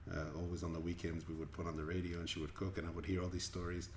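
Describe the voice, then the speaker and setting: A man's voice: low voice, level tone, rapid-fire, darkish tone. A man from Colombia, a musician guest, answering interview questions in a thoughtful, earnest way, often repeating words as he searches for them. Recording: echoey room with faint ambient noise.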